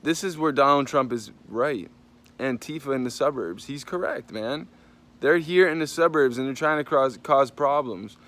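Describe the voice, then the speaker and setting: A man rants his way through a story to the camera, swearing freely and animatedly. His voice sits at an ordinary middle pitch, and he keeps jumping into other people's voices to quote them. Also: normal speed. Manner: animated, profane, jumps into voices when quoting people. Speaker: vlogger. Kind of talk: casual storytelling rant.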